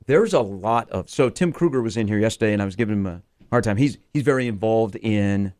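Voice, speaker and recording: A man's voice: on the low side, lively intonation, a little fast, a little mellow. A male sports radio host chats loosely, rambling through his points with frequent filler words. His talk is casual and unscripted.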